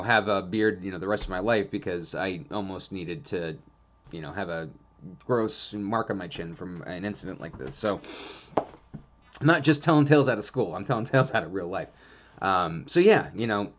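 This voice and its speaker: A man with a fairly low voice talks through dog behavior in a casual, instructional way. He is frank and rambling, circling back with lots of fillers as he explains things from his grooming days.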